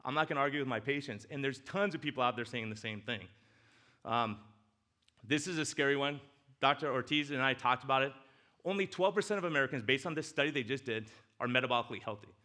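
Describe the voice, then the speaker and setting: Male doctor speaking at a men's breakfast; crisp, bright tone; animated and jokey, drops soft when moved. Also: medium pitch, quick pace. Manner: animated and joking, swings between loud excitement and soft emotion. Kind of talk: casual talk with slides. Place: church hall.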